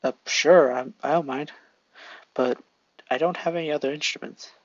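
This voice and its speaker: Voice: medium pitch, fairly even intonation, normal speed, dry recording, dull audio, natural voice. A storyteller voicing a friendly, easygoing man who plays guitar in a park. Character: friendly adult male street guitarist.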